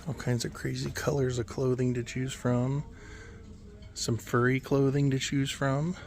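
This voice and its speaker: Male vlogger, mid-pitched, easygoing running commentary in an indoor shop, faint background music. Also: measured pace, gravelly. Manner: relaxed, offhand remarks with chuckles. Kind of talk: casual walkthrough commentary. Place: indoor antique mall.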